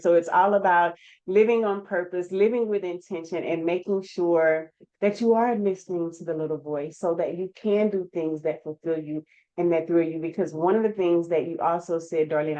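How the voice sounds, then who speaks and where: A woman host with a mellow, lowish voice, reflecting back on what her guest has said. Her voice comes through a dull, lo-fi video call. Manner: reflective, sums up guest's words. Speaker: podcast host, life coach. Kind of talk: interview hosting. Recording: dull lo-fi sound.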